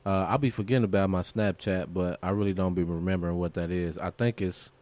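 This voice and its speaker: A man's voice: low-pitched, steady tone, fast talker, a little mellow. A man, co-hosting a podcast in a loose, laid-back way with plenty of fillers. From Kentucky, US. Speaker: podcast co-host. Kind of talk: casual podcast chat.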